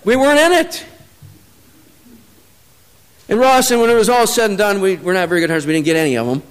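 High-voiced man preaching a storytelling sermon. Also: racing. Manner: storytelling, swings from low and quiet to loud emphatic peaks.

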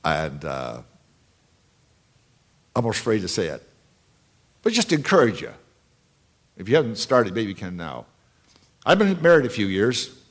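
Older guy preaching, pitch jumps all over, hammers the same phrase again and again. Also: huge pitch swings, normal speed, pauses often. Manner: emphatic, repeats key phrases, swings between loud and hushed. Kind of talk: sermon with anecdotes.

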